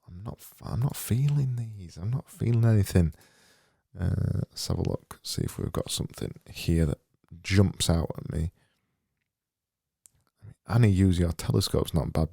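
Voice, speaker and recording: A man's voice: sits low, gravelly, warm tone, no echo, clean studio sound. A man thinking aloud as he livestreams design work, rambling and muttering to himself with a self-mocking edge.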